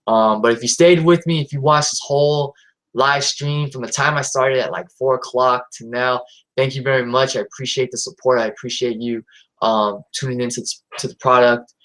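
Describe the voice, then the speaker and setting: A man's voice: medium pitch, steady tone, normal speed, a bit bright, low-quality recording. A man hosting a live stream in a casual, rambling way, with lots of fillers and restarts.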